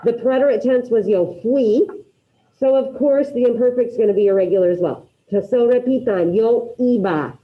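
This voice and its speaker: A woman teaching a class, drilling her students through repetition and quizzing them with quick questions in an upbeat way. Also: fairly high pitch, narrow, tinny audio. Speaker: Spanish teacher. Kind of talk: classroom grammar lesson.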